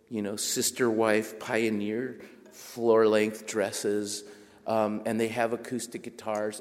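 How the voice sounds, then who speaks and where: A man telling a lively personal story to a group as a writer, acting out quoted voices and laughing as he goes. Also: fairly low pitch, in a large hall. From Mexico border region. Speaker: writer giving a talk.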